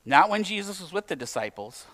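A man's voice: high-pitched, big pitch swings, a little fast, sharp tone. A male pastor preaching a sermon in a conversational, lightly humorous way, asking his listeners direct questions.

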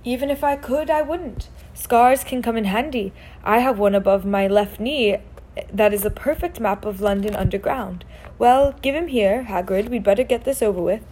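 A woman reads as a wise old wizard headmaster in a storybook. He speaks in a measured, dryly amused way. The voice is lifted and light. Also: fairly high pitch, darkish tone, natural voice. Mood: wry. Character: old male headmaster wizard, calm and wry.

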